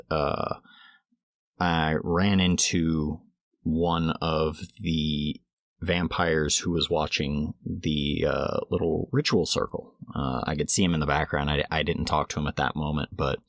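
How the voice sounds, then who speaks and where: Young male co-host, very low dry voice, rambling casual storyteller. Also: a bit bright, no echo. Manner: rambling, lots of restarts and quoted asides. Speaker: podcast co-host.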